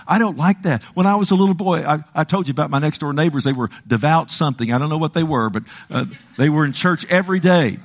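An older man preaching a sermon with passion, moving from loud pleading to hushed lines and acting out the voices he quotes. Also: on the high side, animated, a little fast, few pauses.

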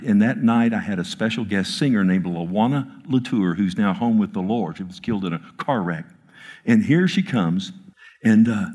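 A male pastor tells a personal story in a sermon, earnest and emphatic, often halting and restarting. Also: lowish voice, a little mellow. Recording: long reverb of a large hall.

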